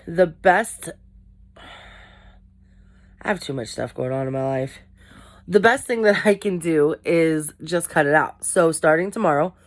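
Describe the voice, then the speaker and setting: A young woman with a low voice talks candidly to her camera. She rambles, corrects herself and pokes fun at her own failings in a loose, chatty vlog style. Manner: candid, rambling, self-deprecating. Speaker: vlogger. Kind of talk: casual talk to camera.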